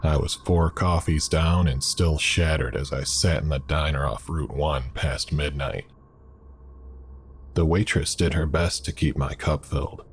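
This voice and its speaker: A man narrating a horror story in a measured, deliberate scripted reading. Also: extremely low pitch, slight background noise.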